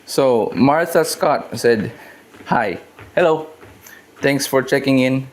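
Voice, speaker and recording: A man's voice: medium pitch, takes it slowly. A man hosting a casual fitness live stream from his home gym, talking in a loose, rambling and joking way. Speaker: fitness livestream host.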